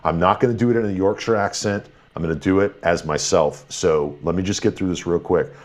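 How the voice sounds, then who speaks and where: A man hosting a live stream, thanking viewers and running through their messages in an upbeat, slightly tired way with lots of fillers. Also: deep voice. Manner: upbeat, thankful, quick rundown with fillers and restarts. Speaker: livestream host. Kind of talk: live stream commentary, reading super chats.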